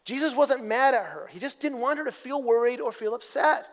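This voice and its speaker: High-voiced man preaching in an echoing hall. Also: lively intonation, a little fast. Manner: conversational, repeats words, rises to emphatic peaks. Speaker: pastor. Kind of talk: sermon. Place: church sanctuary. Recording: long hall reverb.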